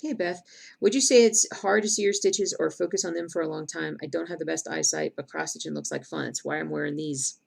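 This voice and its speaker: A woman's voice: low voice, fairly even intonation, a little fast, gravelly, slightly rough. A middle-aged woman chatting casually on a live stream, rambling and answering viewer comments aloud as she works. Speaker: cross-stitch streamer.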